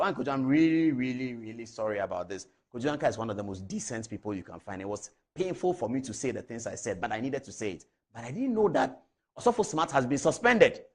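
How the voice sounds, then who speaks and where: A man's voice: on the high side, husky. A middle-aged man with a Ghanaian accent hosting a TV talk show, speaking to viewers and emotionally retelling a phone call with quoted dialogue. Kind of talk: on-air commentary to viewers.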